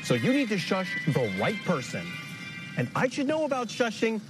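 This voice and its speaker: An actor playing an indignant man who gets shushed at the movies and protests loudly. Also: high-pitched, wildly swooping pitch, moderate pace, poor audio. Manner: protesting, whiny, emphatic. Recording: music bed under the dialogue. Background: music.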